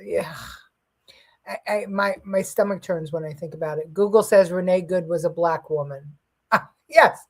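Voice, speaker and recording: A woman hosting a casual live-stream talk show, speaking with many fillers, pauses and restarts. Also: lowish voice, steady tone, a little mellow. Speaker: show host.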